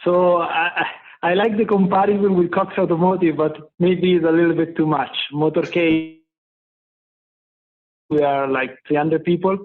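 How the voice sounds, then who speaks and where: A man with an Italian accent, a company head being interviewed, talking in a halting way with frequent pauses. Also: fairly high pitch, fairly even intonation. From Italy. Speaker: company CEO guest. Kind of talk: remote interview. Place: home office in Milan. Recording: tinny phone-like line.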